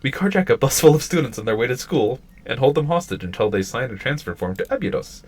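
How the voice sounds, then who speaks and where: A man's voice: medium pitch, lively intonation, quick pace, close to an everyday voice. A man reading aloud in a raised, drawling voice as a lazy, sly schoolgirl who leads the club. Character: lazy, scheming older schoolgirl, president.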